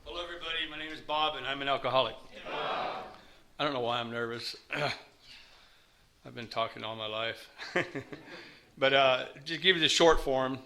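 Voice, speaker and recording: A man's voice: medium pitch, pushed and bright. Candid man telling his story. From United States. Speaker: speaker at a recovery meeting. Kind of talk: personal recovery testimony.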